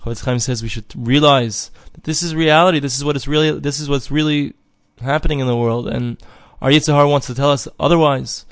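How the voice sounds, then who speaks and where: A man's voice: mid-range voice, gravelly, no room sound, studio quality. A man teaching an earnest religious lesson, telling stories and acting out voices. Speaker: Torah teacher. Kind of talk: recorded religious lesson with storytelling.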